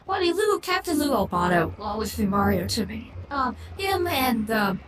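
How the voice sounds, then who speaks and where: A high-pitched woman streamer talks in a loose, rambling way and gives blunt opinions, often stopping and restarting mid-sentence. She sounds like she is in an echoey room, with steady noise audible behind her voice. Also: normal speed. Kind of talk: casual livestream chat.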